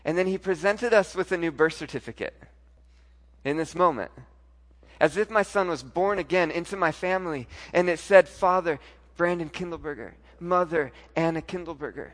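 A pastor preaching a sermon, telling a personal story, moving from soft, intimate lines to loud, emphatic ones. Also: male voice, high-pitched, normal speed.

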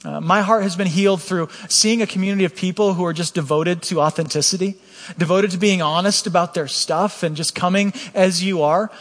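A man's voice: high-pitched, fairly even intonation, brisk, fairly bright tone, big-room sound. A man preaching a candid, earnest personal testimony, often restarting his sentences. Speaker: pastor.

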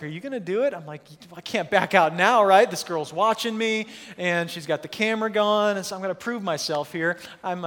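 A man in his thirties, a pastor telling a story in a lively, self-mocking sermon at church. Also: high-pitched. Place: church hall. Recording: long hall reverb.

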